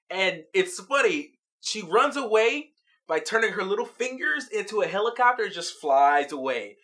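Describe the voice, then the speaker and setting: Lively, bright-voiced episode recap. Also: mid-range voice. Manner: animated storytelling, laughs often. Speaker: vlog host.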